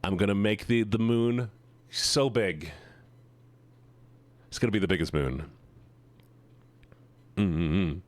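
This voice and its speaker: Playful teasing streamer, lively pitch. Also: male voice, a little fast, pauses often, no echo. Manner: playful, teasing, mock-villainous boasting to chat. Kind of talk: casual live-stream chat.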